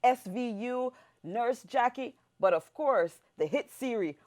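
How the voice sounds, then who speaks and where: She is an upbeat woman hosting an interview. Her introductions come out bubbly and emphatic, with a lively voice that rises and falls a lot. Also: fairly high pitch, measured pace. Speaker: show host.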